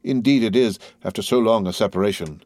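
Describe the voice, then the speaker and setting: A man's voice: lowish voice, fairly quick, darkish tone, dry recording, lightly acted. A man doing a grave, pompous old father. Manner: grave, stiffly dignified.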